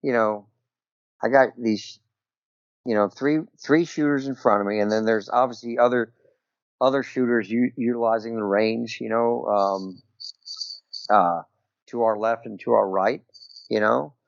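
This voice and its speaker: A middle-aged military veteran telling a personal story as a podcast guest, talking loosely and peppering it with "you know" and "right?". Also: male voice, mid-range voice, fairly even intonation, unhurried, vocal fry, long pauses, no echo. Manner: rambling, full of "you know" and "right?" tags. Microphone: remote call over Skype. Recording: dull, dry call audio.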